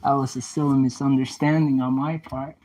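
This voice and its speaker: A young man livestreams casually while cleaning an oven, replying to viewer comments and playfully trash-talking the appliance. His medium-pitched voice is warm and level in tone and brisk, though the recording is rough.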